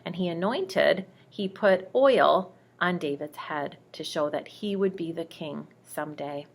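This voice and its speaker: Woman telling bedtime bible stories to a child, slow and gravelly, gentle. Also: fairly low pitch. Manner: gentle, speaks directly to a child. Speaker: storyteller reading to a child.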